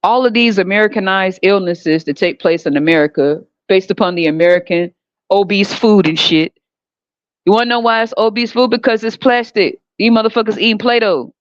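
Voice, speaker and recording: A woman's voice: medium pitch, moderate pace, no echo. A woman hosting a podcast, giving a heated, sarcastic, profane monologue in a blunt manner. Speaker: podcast host. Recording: dull lo-fi dry recording.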